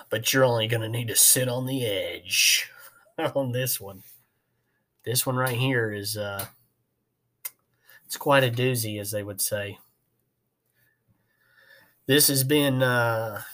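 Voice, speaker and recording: A man's voice: mid-range voice, sharp tone. A man hosting a podcast, telling a work story in a rambling, folksy way with many fillers. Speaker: podcast host, HVAC technician. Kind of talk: casual storytelling.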